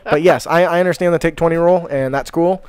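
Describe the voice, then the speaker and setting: A man's voice: on the high side, steady tone, quick pace, darkish tone, clean tone, no room sound. A man co-hosting a casual podcast from the United States, laughing often and swearing casually. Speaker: podcast co-host.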